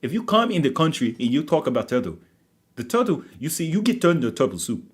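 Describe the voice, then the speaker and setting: A man voicing Super Mario as a loud, rambling plumber who scolds turtles with stumbling threats. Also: a little high, very animated, quick pace, slightly rough, voice pushed up. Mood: blustering. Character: blustering male plumber hero scolding turtles.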